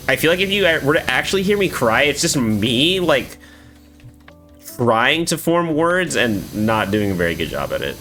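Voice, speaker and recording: A man's voice: mid-range voice, very animated, moderate pace, sharp tone, soft background music. A man streaming live, chatting casually with viewers in a rambling, swearing way with lots of filler words.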